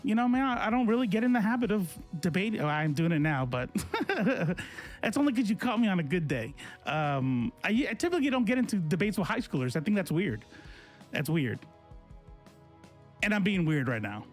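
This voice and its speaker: Animated, sarcastic man streaming over faint music. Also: sits high, a little fast. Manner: confrontational, sarcastic, talks straight to chat. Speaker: political streamer. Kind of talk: casual livestream rant to chat.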